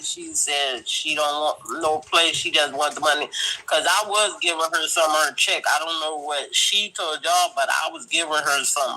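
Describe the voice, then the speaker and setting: A man's voice: on the high side, moderate pace, pushed and bright, low-quality recording. A man calling in as a parent, talking in a plain, rambling, informal way. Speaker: caller, parent. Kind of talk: casual talk.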